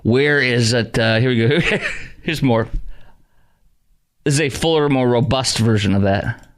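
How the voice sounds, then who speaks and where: A man's voice: medium pitch, a little slow. A man hosting a talk radio show, delivering a sarcastic, mocking monologue in a conversational way. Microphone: studio microphone.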